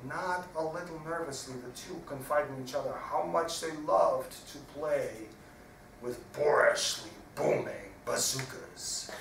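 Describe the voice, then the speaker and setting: A man giving a live reading of his own comic verse with a dry, deadpan delivery. His voice is bright and clear. He sounds distant in a reverberant hall, with a faint hiss underneath. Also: fairly high pitch, measured pace. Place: lecture hall.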